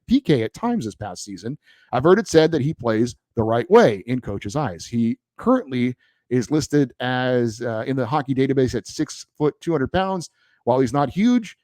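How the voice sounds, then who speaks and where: A man's voice: medium pitch, mellow, dry recording. A man hosting a sports podcast, reading and answering listener mail in a conversational, argumentative way. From born in Hawaii, raised in California. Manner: conversational, pushes back, many fillers. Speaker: podcast host. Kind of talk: casual hockey podcast, reading listener feedback.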